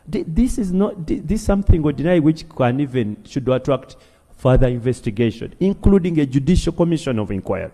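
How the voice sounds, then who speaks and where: A man's voice: mid-range voice, very animated, moderate pace, warm tone. A man with a Ugandan English accent addressing parliament, speaking with mounting, emphatic outrage. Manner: impassioned, rising to emphatic outrage. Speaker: legislator. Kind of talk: parliamentary speech. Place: parliament chamber. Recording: long reverb of a large chamber.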